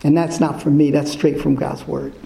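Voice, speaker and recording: A man preaching a sermon to a congregation in a church, repeating his points slowly and quizzing the listeners with fill-in questions. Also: a little high, flat delivery, vocal fry, warm tone. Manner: slow, emphatic repetition. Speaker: pastor. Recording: echoey church room.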